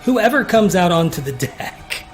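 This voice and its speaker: A man narrating as game master, talking in a halting way with many restarts. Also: sits high, very animated, music in the background.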